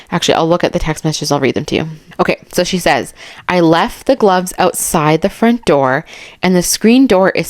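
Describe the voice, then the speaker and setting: Chatty woman with a low voice. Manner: chatty, excitable, laughs often, reads texts aloud. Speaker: true crime YouTuber. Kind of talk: casual true crime commentary.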